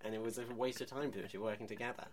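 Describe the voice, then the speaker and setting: A man's voice: on the low side, steady tone, rapid-fire, slight background noise. A man co-hosting a casual film podcast, joking and sardonic, often laughing. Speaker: podcast co-host.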